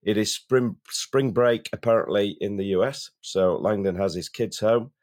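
Guy with a cold, kinda low voice, chatty, keeps repeating words. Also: normal speed, darkish tone. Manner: chatty, repeats words while starting sentences. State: has a cold. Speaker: podcast co-host. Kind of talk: casual chat.

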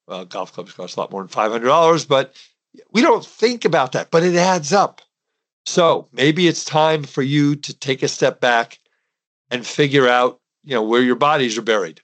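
A man's voice: medium pitch, expressive, normal speed, a bit bright. A middle-aged man hosting a podcast as a dental accountant, talking emphatically and directly to his listeners in a preachy monologue. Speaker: podcast host and dental CPA.

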